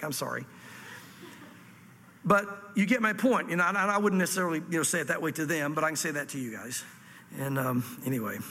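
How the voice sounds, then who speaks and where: A man preaching an expository sermon, animated, reading scripture dramatically and dropping to hushed asides. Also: high-pitched, big-room sound. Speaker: pastor.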